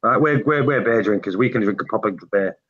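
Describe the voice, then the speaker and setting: This is a man from northern England with a husky voice, chatting casually and teasing the other speakers with good-humoured banter. His audio comes through muffled and lo-fi, as if over an online call. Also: lowish voice, brisk, fairly bright tone. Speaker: live stream chat participant. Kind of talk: casual chat.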